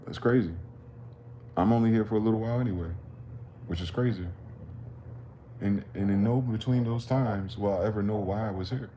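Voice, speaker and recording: Low-voiced man musing in street slang. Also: a little fast, long pauses, mellow, a little hiss or hum. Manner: profane, questioning, street slang. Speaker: livestream host. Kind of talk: rambling philosophical monologue.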